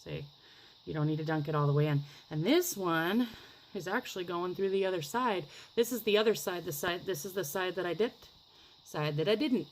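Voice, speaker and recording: A woman's voice: lowish voice, moderate pace, a little hiss or hum, rough recording. A woman casually demonstrating a craft project, chatty and rambling, gushing over the results and sometimes dropping into a whisper. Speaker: craft vlogger.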